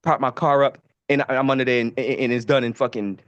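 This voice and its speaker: A man from Baltimore, a podcast co-host, telling stories in a profane, animated casual way. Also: mid-range voice, fast, clean tone, no room sound, highs cut off. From Baltimore, USA. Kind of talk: casual storytelling.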